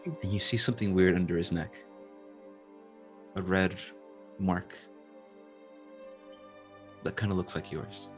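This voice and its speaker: A man narrating as game master of a tabletop role-playing game, slow and descriptive with small hesitations. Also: deep voice, fairly even intonation, fairly bright tone, faint music behind.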